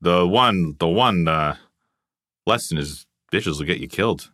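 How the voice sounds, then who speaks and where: Podcast co-host, lowish bright male voice, irreverent jokes, dry close mic. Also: expressive, a little slow, no room sound. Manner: joking, irreverent. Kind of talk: casual chat.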